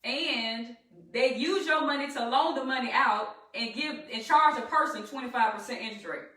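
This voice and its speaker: Southern woman, trading coach on a live stream, chatty and rallying, slightly high voice, distant and echoey. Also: moderate pace, sharp tone. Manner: chatty, rallying, addresses viewers as y'all. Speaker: trading instructor. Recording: echoey room, distant from the mic.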